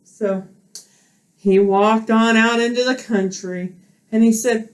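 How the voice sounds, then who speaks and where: A woman teacher telling a children's story at home and explaining it while she acts it out, recorded on a camera. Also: on the high side. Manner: slow, animated, teacherly explaining. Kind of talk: storytelling role play for children.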